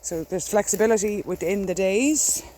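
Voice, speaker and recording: A woman's voice: mid-range voice, moderate pace, warm tone, slight background noise. An Irish woman rambling candidly in a casual diary vlog while walking outdoors, recorded on a phone. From Ireland. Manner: chatty, candid, walks while talking. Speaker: dog walker vlogging. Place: outdoors in a rural field.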